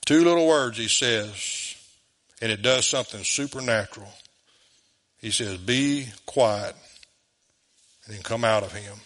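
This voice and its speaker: A man's voice: fairly low pitch, moderate pace, a bit bright. A man preaching a sermon in a folksy, conversational way, chuckling often. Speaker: pastor.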